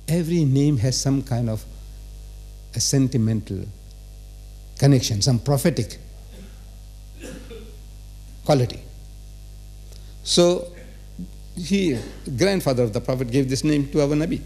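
A man's voice: mid-range voice, very animated, a little slow, long pauses, dark tone. A man giving a religious lecture to a live audience in a large auditorium, full of rhetorical questions and teasing. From South Africa. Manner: rhetorical, quizzes and teases the audience.

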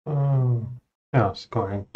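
A man hosting a board game session, introducing the game and then chatting through the moves in careful, unhurried phrases. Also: medium pitch. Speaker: board game channel host. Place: home, recording over a digital tabletop. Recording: dull lo-fi sound.

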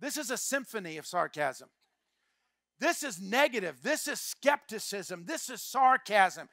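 A man's voice: high voice, sing-song, a little slow, no echo. Older man, pastor, sermon, emphatic repeats, dry close sound. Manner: emphatic, repeats key phrases, swings from quiet to shouting. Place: church.

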